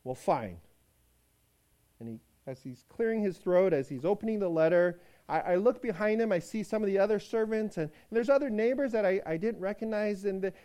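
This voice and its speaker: Brief: male preacher, lively pitch, first-person dramatic storytelling, halting. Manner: hesitant, stammering restarts.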